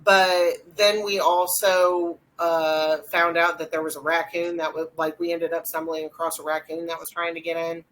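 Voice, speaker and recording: A young adult woman, co-hosting a podcast and retelling a ghost hunt in a rambling, animated way with lots of fillers. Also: low-pitched, normal speed, few pauses, poor audio. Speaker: podcast co-host. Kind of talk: casual storytelling chat.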